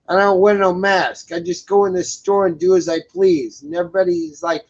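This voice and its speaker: A man's voice: high voice, steady tone, normal speed, few pauses. Crude, rambling man on lo-fi audio. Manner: crude, rambling, repeats himself with many fillers. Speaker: co-host. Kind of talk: casual profane chat. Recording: dull lo-fi sound.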